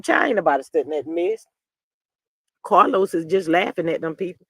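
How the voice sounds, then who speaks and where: A man hosting a live stream, giving sassy, animated gossip commentary and reading chat comments aloud. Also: a little high, normal speed, vocal fry, long pauses, breathy edge, no room sound. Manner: sassy and animated, often calling listeners "child". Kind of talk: casual gossip commentary on a reality show.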